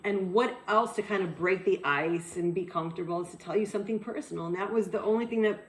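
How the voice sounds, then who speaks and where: A woman's voice: medium pitch, fast, reverberant, low-quality recording. Teasing, rambling woman. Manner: teasing, rambling, repeats words. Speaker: co-host. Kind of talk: casual couple banter.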